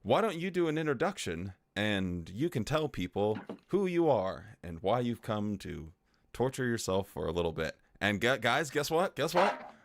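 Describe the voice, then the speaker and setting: A man's voice: fairly low pitch, sing-song, normal speed, dry recording, studio quality. Playful chatty man hosting a livestream. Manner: playful and chatty, greets chat viewers one by one. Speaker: livestream host. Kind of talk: casual livestream chat. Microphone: desktop microphone.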